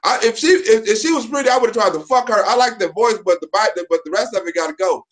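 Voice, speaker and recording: A man's voice: high voice, quick pace. Profane, reactive man co-hosting a stream. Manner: loud, profane, reactive interjections. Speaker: live-stream co-host. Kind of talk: casual live-stream banter.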